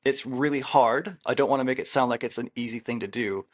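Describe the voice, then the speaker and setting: Man, therapist co-host; emphatic, repetitive advice delivery, middle pitch. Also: fairly quick. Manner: emphatic, repeats key rules, acts out quoted lines. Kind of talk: casual advice chat.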